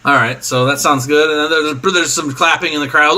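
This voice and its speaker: A man runs a tabletop game as game master, with a bright, forward voice pitched a little high. He rambles loosely through the scene and keeps breaking into laughter. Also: steady tone, brisk, hardly any pauses.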